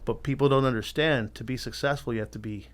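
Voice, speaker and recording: A man's voice: medium pitch, fast talker. Candid, cursing middle-aged man. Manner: candid, swears freely, animated storyteller. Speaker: podcast guest, tattoo artist. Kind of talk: casual storytelling interview.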